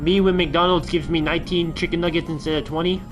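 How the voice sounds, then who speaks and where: A man's voice: a little high, fairly even intonation, fast, over loud music. A man streaming a game, chattering casually with goofy jokes and silly voices. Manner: goofy, joking. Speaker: gaming streamer.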